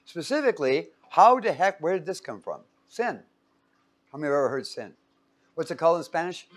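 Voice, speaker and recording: A man giving an informal Bible teaching in a room with a whiteboard, casual and joking, often putting questions to his listeners. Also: medium pitch.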